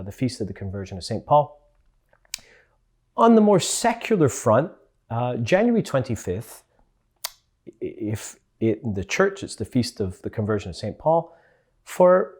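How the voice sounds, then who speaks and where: A man's voice: lowish voice, darkish tone, breathy edge. A man with a Scottish accent, a parish priest giving a casual, homely spoken reflection with playful asides. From Scotland.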